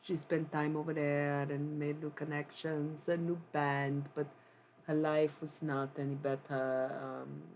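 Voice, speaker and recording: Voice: mid-range voice, little pitch movement, unhurried, darkish tone, a little hiss or hum. A streamer and self-styled necromancer chatting casually on a live stream and retelling a singer's life story, with rambling, offhand asides to the chat.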